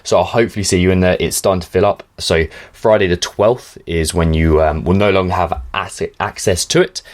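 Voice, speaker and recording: A man with a very low voice hosts a podcast in a chatty, relaxed way. He fills his talk with ums as he goes. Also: a little fast. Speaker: podcast host. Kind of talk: podcast introduction and interview.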